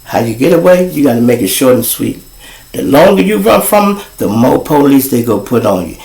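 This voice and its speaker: A man, hosting his show and telling street stories in a casual, animated way. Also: medium pitch, fairly quick, gravelly, echoey room, rough recording. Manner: animated, rising to excited shouts when telling a chase story. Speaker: host.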